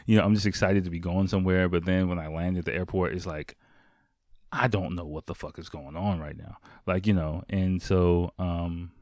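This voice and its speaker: A man's voice: deep voice, fairly even intonation, moderate pace, a little mellow, no echo, clean studio sound. A young man casually telling a story, rambling, swearing freely and leaning on fillers.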